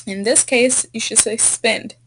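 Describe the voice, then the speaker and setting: A woman tutoring English who slowly and patiently repeats and models corrected sentences, recorded on a computer mic. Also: on the high side, fairly even intonation, slight background noise. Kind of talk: screen-recorded correction feedback. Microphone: computer mic on a screen recording.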